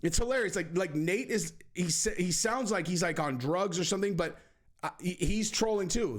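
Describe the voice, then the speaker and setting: A man's voice: on the high side, expressive, unhurried. A man giving casual commentary, sarcastic, often acting out other people's lines in changed voices. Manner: sarcastic, acts out quotes with shifting voices.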